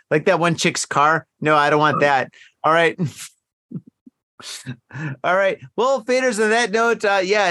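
Brief: higher-voiced man, dry close sound, foul-mouthed casual podcast host who rambles. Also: a bit bright, dry recording. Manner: heavily profane, rambling and emphatic. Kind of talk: casual drinking podcast chat.

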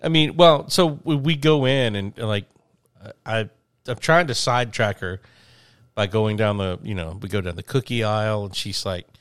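A man's voice: on the low side, normal speed, clean tone, no room sound, studio quality. A middle-aged man co-hosting a casual chat, telling stories with laughter. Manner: animated storyteller, laughs while talking. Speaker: podcast co-host.

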